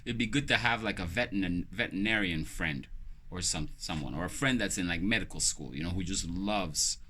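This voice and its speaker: A man's voice: low-pitched, brisk, bright, forceful tone. A man, rambling casually to the camera as a vlogger and joking as he tells stories. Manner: loose, joking storyteller who acts out quoted voices.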